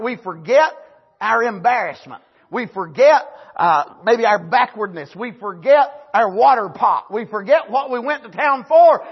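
Fervent preacher, husky and high. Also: male voice, highs cut off. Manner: fervent, swings from loud shouts to low asides, frequent amens. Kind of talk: sermon.

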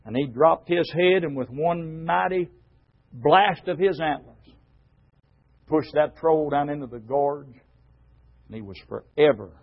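A man preaching a fervent, emphatic sermon to a group of men. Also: fairly high pitch. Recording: dull lo-fi recording.

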